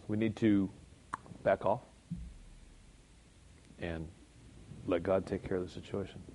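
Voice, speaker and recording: A man giving an informal sermon, talking conversationally, chuckling often and joking about himself. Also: lowish voice. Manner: conversational, chuckles often, jokes at his own expense. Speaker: Christian speaker.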